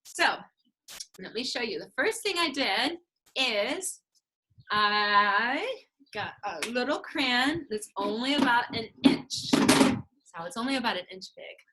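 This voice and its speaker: A woman speech therapist teaching preschoolers, talking in a sing-song, drawn-out way and clapping out syllables. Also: fairly high pitch, lively intonation, noisy background. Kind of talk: slow, sing-song teaching to young children.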